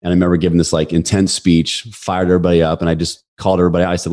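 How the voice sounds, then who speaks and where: A man in his forties tells a story as a podcast guest. His voice sits low and he rattles along quickly. He acts out the quotes with animated energy. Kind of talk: storytelling in a casual interview.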